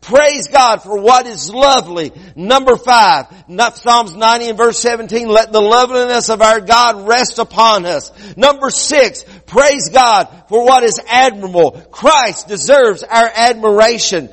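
A man preaching a sermon as pastor, swinging between loud quick bursts and low slow passages. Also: big-room sound.

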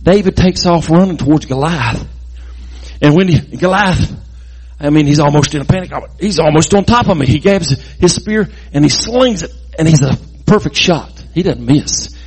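A man telling a Bible story in a lively, folksy way, adding sound effects and jokes. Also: a little high, moderate pace, breathy edge.

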